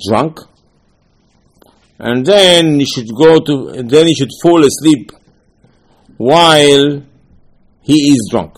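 A man's voice: mid-range voice, poor audio. A man delivers an informal Torah lesson in a conversational way. He circles back on his points, restarts his sentences, and weaves Hebrew terms into his talk. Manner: conversational, repeats himself, frequent restarts and fillers; mixes Hebrew and Aramaic terms into speech.

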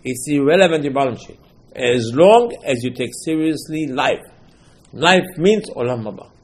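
A man's voice: mid-range voice, animated, normal speed, slightly rough. A man teaching Torah in a sermon, emphatic, repeating phrases and speaking English in non-native phrasing. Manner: emphatic, repeats phrases, quotes texts in dialogue.

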